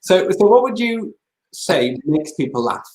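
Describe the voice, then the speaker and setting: A man's voice: high voice, sing-song, measured pace, darkish tone. A man hosting an interview, speaking hesitantly with many fillers. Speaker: host. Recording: roomy echo.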